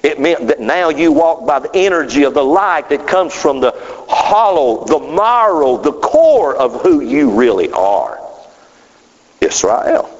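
A man preaching a sermon, emphatic and drawn out, with sudden rises and falls in his voice. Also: big pitch swings. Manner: emphatic, drawn-out phrasing with sudden pitch swings. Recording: dull sound with long hall reverb.

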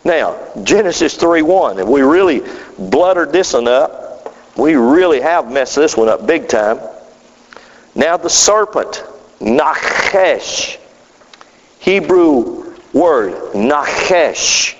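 A man preaching a sermon, emphatic and drawn out, with sudden rises and falls in his voice. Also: lively intonation. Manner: emphatic, drawn-out phrasing with sudden pitch swings. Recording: dull sound with long hall reverb.

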